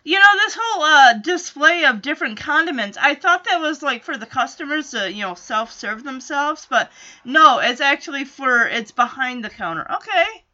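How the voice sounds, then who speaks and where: A woman hosting a casual recap of a TV episode, excitable and quick to laugh, acting out lines as she goes. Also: high-pitched, dull audio. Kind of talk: casual chat.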